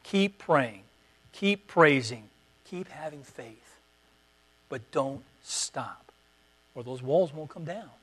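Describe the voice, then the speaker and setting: Man preaching a sermon, soft to emphatic. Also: fairly high pitch, expressive, slow, long pauses, breathy edge. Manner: preacherly, repetitive exhortations swinging from quiet to emphatic. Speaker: pastor.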